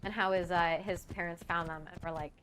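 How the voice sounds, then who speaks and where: A woman's voice: lowish voice, fairly even intonation, a little fast, fairly bright tone, slight background noise. A woman co-hosting a stream in casual chat, giggly and prone to exclamations.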